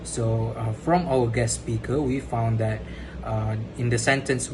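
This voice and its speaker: A young man presenting as a student in an academic class presentation, explaining steadily with frequent pauses and fillers. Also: medium pitch. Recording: steady background noise.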